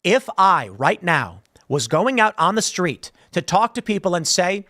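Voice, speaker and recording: High, lively sarcastic male commentator. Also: measured pace, no echo, clean studio sound. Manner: sarcastic, mocks canvassers with impressions; blunt and conversational. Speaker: political commentary show host. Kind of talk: animated political commentary.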